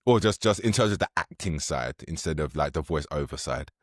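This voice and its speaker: A male podcast host with an extremely deep voice asks questions in an eager, easygoing way. His voice is recorded dry and close. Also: lively intonation, brisk, no room sound. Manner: eager and casual, many short affirmations. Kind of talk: casual interview chat.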